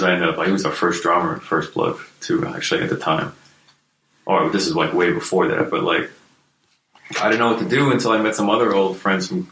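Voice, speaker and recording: A man's voice: deep voice, sharp tone. Laid-back swearing man telling stories. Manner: laid-back, swears freely, lots of fillers. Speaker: guest, hardcore musician. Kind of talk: casual storytelling interview. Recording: roomy echo, faint noise.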